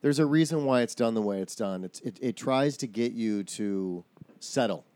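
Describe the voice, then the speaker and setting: A man's voice: mid-range voice, moderate pace, warm tone, slight background noise. A man in casual chat, talking through his own theories at length, often restarting his sentences.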